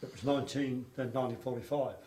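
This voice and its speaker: Talking fast in a dark, mid-range voice, an older man describes his wartime childhood for an oral history interview. His account rambles and repeats itself. Faint background noise and room echo are audible.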